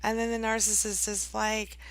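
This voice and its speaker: Chatty woman coach with gravelly voice. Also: mid-range voice, level tone, normal speed, dry recording. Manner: chatty, tags sentences with "right?" and "okay?"; acts out quoted voices dramatically. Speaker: online coach for abuse survivors. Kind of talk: direct-to-camera advice talk.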